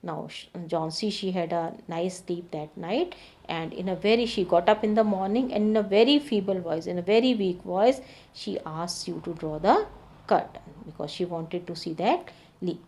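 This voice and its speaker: Female teacher, reads then explains each sentence simply; warm, slightly low voice. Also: normal speed. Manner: repeats and paraphrases each sentence in simple words. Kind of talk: reading a story aloud and explaining it.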